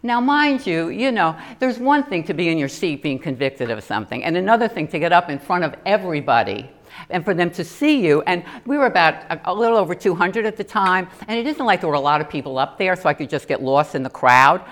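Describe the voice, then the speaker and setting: A middle-aged woman giving an earnest personal testimony in a sermon, telling stories with animated asides. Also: on the low side, fairly quick. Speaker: lay preacher.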